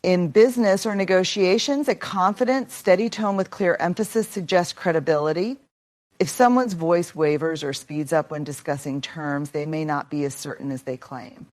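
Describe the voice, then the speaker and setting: A woman giving a scripted motivational narration, measured and explanatory, stressing key words. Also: on the low side, darkish tone.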